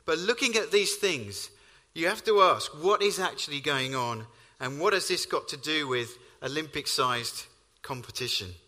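A man's voice: on the high side, expressive, normal speed, bright, forceful tone. A man preaching a sermon, telling stories with emphatic rises on key lines. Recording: hall reverb.

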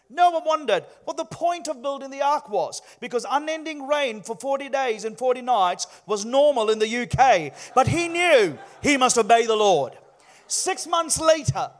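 Jovial Sri Lankan-Kiwi preacher. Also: male voice, very high-pitched, expressive, moderate pace. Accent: Sri Lankan New Zealand. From New Zealand. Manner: jovial, playful with the crowd. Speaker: guest preacher. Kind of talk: sermon.

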